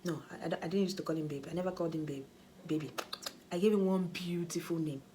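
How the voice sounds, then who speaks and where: A Nigerian woman vlogger telling a personal story in a chatty, animated way, dropping in pidgin asides. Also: on the low side, fast talker, slight background noise. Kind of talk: storytelling vlog.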